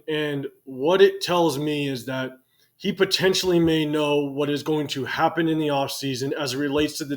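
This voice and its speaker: Casual male sports fan commentator. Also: fairly high pitch. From United States. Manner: conversational, thinking aloud with fillers. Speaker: sports channel host.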